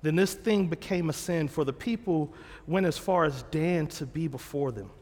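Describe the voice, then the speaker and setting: A man's voice: fairly high pitch, normal speed, a little mellow, big-room sound. A man preaching a sermon, retelling scripture in a plain, conversational way and correcting himself as he goes. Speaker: pastor.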